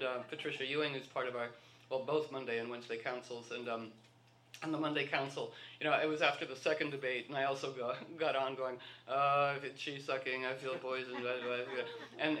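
A man's voice: fairly high pitch, pushed and bright, a little hiss or hum. A man giving a rambling, playful talk to a live group, often slipping into quoted voices.

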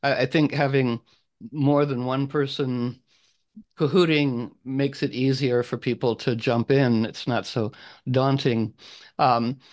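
A man's voice: mid-range voice, fairly even intonation, slow. A man hosting an online group call, talking casually in a rambling, playful way and acting out little voices in his stories. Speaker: group host.

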